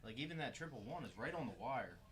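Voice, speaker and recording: A man's voice: mid-range voice, lively intonation, fast, fairly bright tone, husky. A man co-commentating a darts match, joking and bantering with his partner. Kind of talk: live sports commentary.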